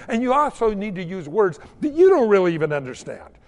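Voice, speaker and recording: A man delivers a sermon as animated, folksy storytelling and acts out the quotes as he goes. His voice is fairly high and swings widely in pitch. A long reverb rings out behind him, as in a big hall. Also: moderate pace, few pauses. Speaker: preacher.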